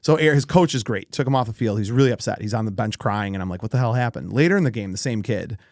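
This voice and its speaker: A man's voice: fairly low pitch, fast talker, no echo, clean studio sound. A middle-aged man co-hosting a podcast, telling a heated personal story in casual chat, acting out the people in it. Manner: animated, swears, acts out quoted people. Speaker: podcast co-host.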